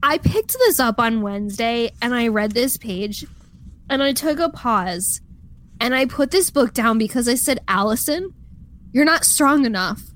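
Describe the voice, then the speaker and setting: A woman with a fairly high voice co-hosting a casual podcast. She is animated and giggly, and quick to laugh along. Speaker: podcast co-host.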